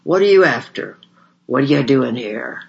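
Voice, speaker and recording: A man playing a big, angry, brutish atheist who shouts and swears, in a slightly dull lo-fi recording. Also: mid-range voice, animated, normal speed, creaky. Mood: hostile.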